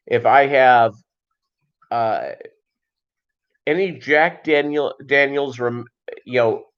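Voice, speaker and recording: Rambling man telling a story, lo-fi. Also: mid-range voice. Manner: rambling, loose, with many restarts and asides. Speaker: livestream host.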